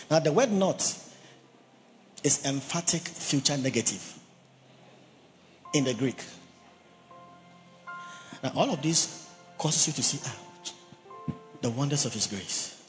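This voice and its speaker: A male pastor preaching with emphasis, leaning on key words and repeating them for his listeners. His voice carries a long hall reverb, with faint music playing softly underneath. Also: mid-range voice, animated, takes it slowly, pauses often. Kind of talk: sermon.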